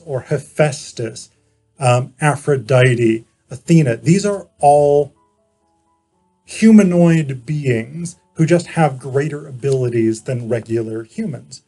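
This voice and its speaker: Slow, husky-voiced man lecturing. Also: mid-range voice, dark tone, soft background music. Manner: measured explaining, frequent pauses and self-corrections. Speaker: philosophy lecturer. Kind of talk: informal lecture to camera.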